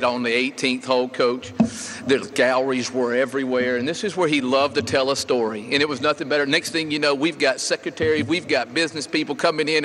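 Golf coach telling stories in a hall. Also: male voice, medium pitch, pushed and bright. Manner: storytelling, folksy with many fillers and restarts. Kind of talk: memorial tribute speech. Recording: reverberant hall with faint ambience.

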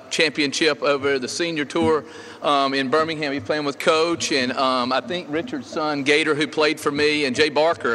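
A middle-aged golf coach delivers a rambling memorial tribute full of stories, fillers, and restarts. His voice is a little high, with a bright, forceful tone and a slight hiss or hum. The recording sounds like a reverberant hall with faint ambience.

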